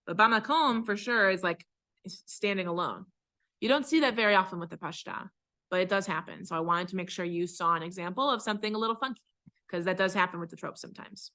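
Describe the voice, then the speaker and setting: Bright-voiced woman cantor teaching chant. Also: medium pitch. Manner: explains patiently, then chants phrases slowly. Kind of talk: class instruction with chanted examples. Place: synagogue class.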